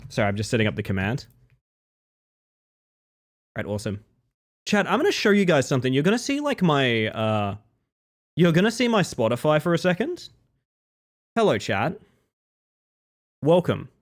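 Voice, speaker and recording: Brief: young male streamer, a little under the weather, voice slightly off, playful and jokey, bouncy intonation, sits a touch high. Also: huge pitch swings, moderate pace, long pauses. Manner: playful, jokey banter, greeting viewers by name. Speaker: live streamer. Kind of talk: casual live-stream chat with viewers.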